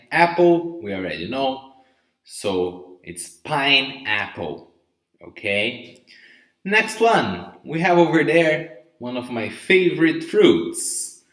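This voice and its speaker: A male English teacher leads a live online vocabulary lesson at a very slow, careful pace. He keeps checking in with his listeners, and his pitch swings widely from word to word. His voice rings out in a noticeably echoey room. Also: a bit bright. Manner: slow, patient, often checks with "okay?". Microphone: live stream mic.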